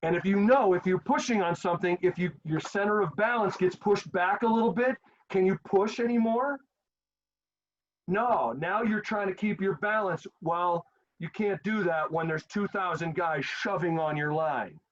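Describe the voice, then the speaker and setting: Animated male history teacher, lo-fi. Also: sits high, normal speed, a little hiss or hum. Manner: animated, acts out quotes in a casual voice. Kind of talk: storytelling history lecture. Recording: dull lo-fi sound.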